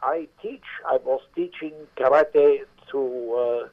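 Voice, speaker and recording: A man's voice: mid-range voice, slow, voice pushed up. A man voicing a boastful male ex-soldier maitre d' with a put-on foreign accent, heard over a tinny phone line. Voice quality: proud, matter-of-fact bragging.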